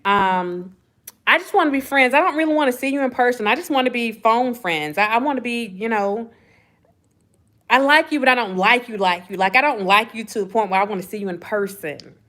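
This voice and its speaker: A woman imitating an evasive young woman making hushed, rushed, sheepish excuses. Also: on the high side, voice pushed down, lightly acted.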